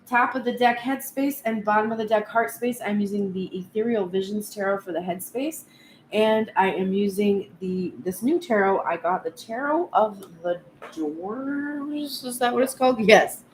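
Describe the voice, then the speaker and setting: A woman's voice: mid-range voice, normal speed. A woman tarot reader speaking reflectively and earnestly at length in a spoken tarot reading vlog. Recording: echoey room with faint background noise.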